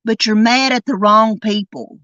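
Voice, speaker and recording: A woman hosting a true crime podcast, delivering an indignant, emphatic monologue and drawing out key words slowly. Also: a little high, fairly bright tone, no room sound, muffled recording. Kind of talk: angry commentary monologue.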